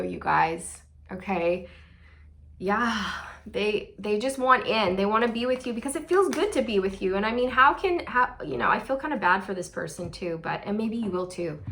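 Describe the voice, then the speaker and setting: A woman's voice: mid-range voice, fairly bright tone, slight background noise. A woman giving a casual tarot reading, chatty and sassy, with playful laughing asides. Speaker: tarot reader.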